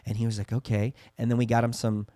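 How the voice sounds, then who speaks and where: A man in his thirties co-hosting a casual podcast chat, telling parenting stories in an earnest, animated way. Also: medium pitch, racing, no room sound, clean studio sound. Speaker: podcast co-host.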